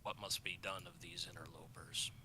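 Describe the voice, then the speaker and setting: A man voicing a scheming male elf servant in whispered role-play, hushed and deferential toward his lord. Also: sits low, level tone, moderate pace, noisy background, close to an everyday voice.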